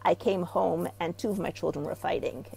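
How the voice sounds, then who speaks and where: A middle-aged woman from Israel, a therapy practitioner talking as an interview guest. She tells stories with animation and gets loud when she acts out what people say. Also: fairly low pitch, brisk, gravelly, rough recording. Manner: animated storyteller, rising loud when acting out quotes. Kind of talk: casual interview talk.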